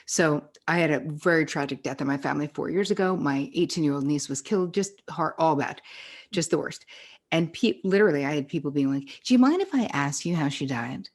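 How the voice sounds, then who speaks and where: A woman's voice: low-pitched, lively intonation, fairly quick. A middle-aged woman psychotherapist, a podcast guest, talking bluntly and with swearing, acting out the people she quotes. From New York area. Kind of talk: casual podcast conversation.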